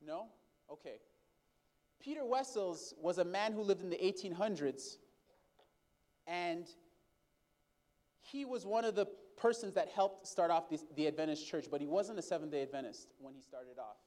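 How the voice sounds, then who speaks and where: A man's voice: sits high, moderate pace, pauses often, darkish tone. A man preaching a sermon who tells a story, calls out to the congregation as brothers and sisters, and asks them for responses.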